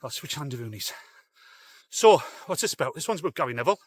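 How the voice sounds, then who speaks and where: Middle-aged guy ranting on a livestream, swears a lot, kinda high voice. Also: expressive, quick pace, husky, no room sound. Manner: rambling, sweary, blunt. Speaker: live-stream show host. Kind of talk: casual live-stream rant.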